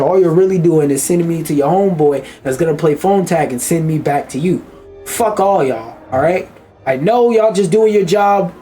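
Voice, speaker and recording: A man's voice: fairly high pitch, warm tone. Blunt, profane male commentator ranting over a video, with faint music under the voice.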